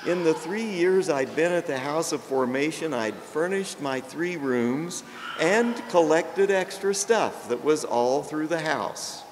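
An older man, a priest, preaching a sermon with jokes, told in a slow and gentle storytelling way. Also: on the high side, animated. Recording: long reverb, faint background noise.

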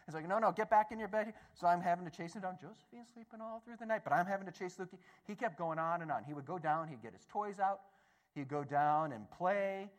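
A man giving a storytelling talk to an audience, animated and acting out voices, often stammering and restarting. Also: high-pitched, fairly quick. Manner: animated, acts out the voices in his stories. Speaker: speaker at a Catholic gathering.

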